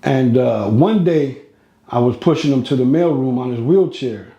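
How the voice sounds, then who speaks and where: Gravelly man telling a street story. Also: medium pitch, moderate pace, dark tone, dull audio. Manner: slangy, rambling, street talk. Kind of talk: casual storytime monologue. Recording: roomy echo.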